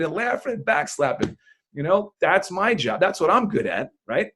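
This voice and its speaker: Energetic magician guest, fairly high voice, bursts out loud when excited. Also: male voice, normal speed, slightly rough. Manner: animated, loud bursts of enthusiasm, laughs often. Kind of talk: energetic podcast interview.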